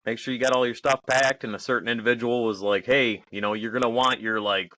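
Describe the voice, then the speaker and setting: A man's voice: medium pitch, steady tone, quick pace, pushed and bright, no echo. Man, profane joking banter, laughs a lot, dry close sound. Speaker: podcast co-host, army veteran. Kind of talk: casual chat.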